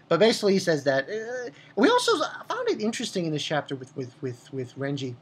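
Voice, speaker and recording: A woman delivers a casual, profanity-laced manga review in the style of an animated rant. Her voice sits lowish and husky, and it swings widely in pitch as she vents. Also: quick pace, hardly any pauses.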